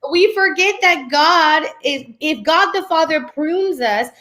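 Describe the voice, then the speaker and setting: Twenties woman, a touch high-pitched, animated and playful, preacherly when reading verses. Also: measured pace. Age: 20s. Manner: lively, slips into playful voices for quotes. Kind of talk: animated faith-based chat with scripture reading.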